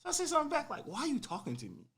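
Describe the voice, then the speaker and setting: A young man casually telling a personal story on a podcast, animated and full of slang, acting out what people said. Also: very high-pitched, very fast. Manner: animated, slangy, acts out quotes.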